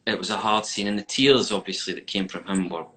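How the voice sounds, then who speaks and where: A man's voice: lowish voice, brisk, bright, forceful tone, rough recording. A man, chatting as an interviewed actor over a video call and telling stories with laughter and animation. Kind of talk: casual chat.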